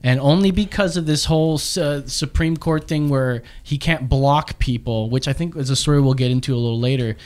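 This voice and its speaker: A man's voice: medium pitch, fairly quick, few pauses, a little mellow. A man co-hosting a podcast in casual chat, arguing his point and talking over the others. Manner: argumentative, talks over others. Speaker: podcast co-host.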